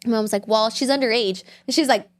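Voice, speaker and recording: Young woman guest rambling fast, says like constantly, does little voices for people in her story. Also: fairly high pitch. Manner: rambling, heavy on "like", acts out quotes. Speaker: podcast guest. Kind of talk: casual storytelling chat.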